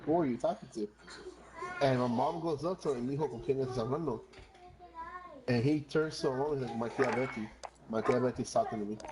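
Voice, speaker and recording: A woman's voice: rumbling low, noisy background. A woman, telling a long rambling story with lots of swearing and some Spanish while gaming. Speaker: streamer. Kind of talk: casual chat while gaming.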